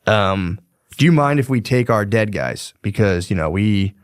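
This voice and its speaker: Casual bro-talking chief, low and hushed, put on by a man. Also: expressive, a little slow, clear, resonant tone, dry recording, clean studio sound. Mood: apologetic. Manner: casual slangy bro-speak. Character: laid-back male native chief asking to collect dead.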